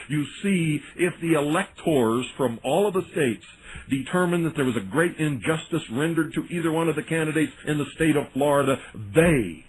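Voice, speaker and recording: A man's voice: fairly high pitch, slight background noise, rough recording. Indignant ranting man on talk radio. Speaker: radio host. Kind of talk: radio talk show monologue.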